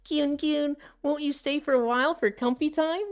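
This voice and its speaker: A man's voice: very high voice, fairly even intonation, moderate pace, pitched above the performer's own voice. A man putting on an exaggerated, sing-song streamer intro persona. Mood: cutesy. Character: over-the-top bubbly cutesy streamer intro persona.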